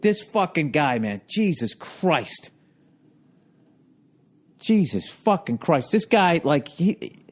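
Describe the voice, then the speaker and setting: A man in his forties with a Boston accent, telling a profane, exasperated story in a ranting monologue. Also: a little high. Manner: profane, exasperated storytelling, jumps into loud mock voices. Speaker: podcast host.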